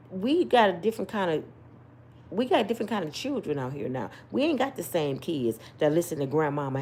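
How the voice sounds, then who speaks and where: A woman's voice: medium pitch, darkish tone, slightly rough. A middle-aged woman, a mother and grandmother, giving blunt, scolding opinions and personal stories straight to her viewers. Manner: emphatic and repetitive, talks straight to viewers. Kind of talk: casual story time commentary.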